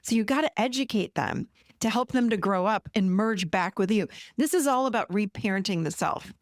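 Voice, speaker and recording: A woman's voice: medium pitch, lively intonation, moderate pace, no echo, studio quality. A woman podcast host and therapist telling a client story in a casual, chatty way, often addressing listeners directly.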